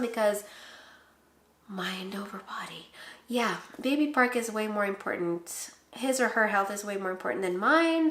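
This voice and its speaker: A woman's voice: medium pitch, fairly bright tone. A young woman in her twenties from the Philippines, casually chatting to camera in a vlog, laughing often and acting out quotes. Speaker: pregnancy vlogger. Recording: echoey room.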